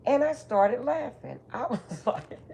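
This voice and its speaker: A woman's voice: a little high, very animated, measured pace, creaky, noisy background. A middle-aged woman, a spiritual reader, telling a personal story in a blunt, emphatic, profane way. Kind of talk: casual storytelling monologue.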